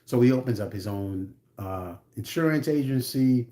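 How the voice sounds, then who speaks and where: A man's voice: medium pitch, animated, moderate pace, dark tone. Blunt, casual male film reviewer. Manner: conversational, blunt, with asides. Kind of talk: casual plot recap.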